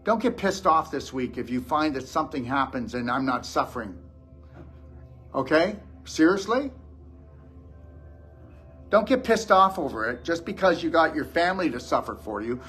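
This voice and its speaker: A man's voice: a little high, expressive, moderate pace, pauses often, a bit bright, faint music behind. A man giving a blunt, scolding motivational lecture to a live audience as a wellness show host.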